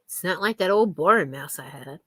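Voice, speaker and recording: A woman's voice: fairly low pitch, animated, brisk, a bit bright, husky, dry recording. A woman chatting casually with viewers on a live stream, giggling often and thanking them by name.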